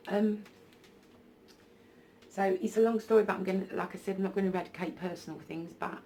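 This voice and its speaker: A woman's voice: mid-range voice, steady tone, brisk, dark tone, slight background noise. A woman telling a personal story in a casual vlog on her phone, hesitant and full of ums and restarts. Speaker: spiritual vlogger.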